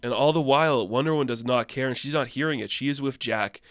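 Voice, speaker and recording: A man's voice: medium pitch, fast talker, dry recording. A man giving a casual, enthusiastic and rambling comic book recap, full of fillers.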